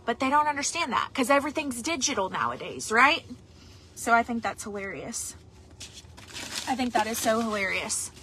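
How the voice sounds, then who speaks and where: A woman's voice: on the high side, animated, moderate pace, bright, forceful tone, slight background noise, low-quality recording. A middle-aged woman, chatting casually on a livestream and reading viewer comments aloud. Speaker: singer hosting a livestream album listening party.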